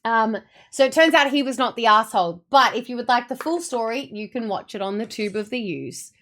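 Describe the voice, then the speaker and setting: A woman's voice: a little high, fairly quick, fairly bright tone. A woman streamer chatting casually with her viewers, telling rambling stories with plenty of swearing. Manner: rambling, profane storytelling; reads and answers chat messages. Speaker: Twitch streamer.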